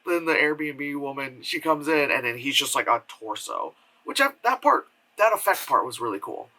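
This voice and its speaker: A man's voice: mid-range voice, sing-song, normal speed, sharp tone, poor audio. A man giving a casual spoken film review from home, rambling with lots of fillers and acting out quotes in mocking voices. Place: home room with air purifier hum.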